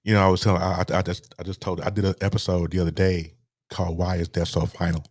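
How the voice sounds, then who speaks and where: Deep husky man telling a personal story. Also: flat delivery, no room sound, clean studio sound. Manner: halting, repeats words, voice drops low and soft. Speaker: interview guest.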